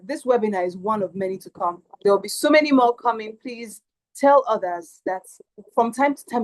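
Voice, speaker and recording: A woman hosts a webinar for voice actors. Her fairly high voice stays upbeat and persuasive, with a preacher-like pull. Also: darkish tone, poor audio. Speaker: webinar host. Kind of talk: hosting a webinar.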